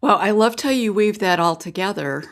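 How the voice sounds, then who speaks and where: A woman's voice: medium pitch, expressive, normal speed. A woman hosting a podcast, responding appreciatively to her guest before asking the next question. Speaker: podcast host. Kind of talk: podcast conversation.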